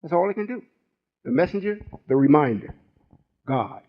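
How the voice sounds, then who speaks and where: An older man in his late sixties delivers a folksy, rambling teaching with call-and-response asides. His voice is husky and sits a little high. The recording sounds muffled and lo-fi. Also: very animated, normal speed. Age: 60s. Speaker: spiritual teacher. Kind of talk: informal sermon teaching.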